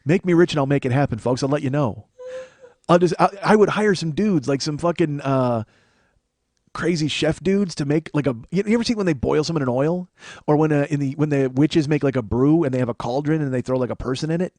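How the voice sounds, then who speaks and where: A man's voice: on the high side, brisk, darkish tone, dry recording, studio quality. An American man in his forties hosting a comedy podcast, rambling through a profane, self-mocking solo monologue. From United States. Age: 40s. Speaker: podcast host.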